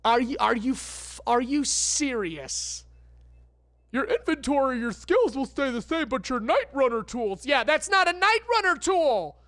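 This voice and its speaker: A woman's voice: high-pitched, lively intonation, measured pace, fairly bright tone, dry recording. Profane, ranting woman streamer. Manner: stammering restarts. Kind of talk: live gameplay commentary.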